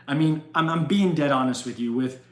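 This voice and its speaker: A man's voice: fairly high pitch, brisk, reverberant. A man hosting an aquarium channel in casual livestream chat, emphatic and chatty with frequent restarts.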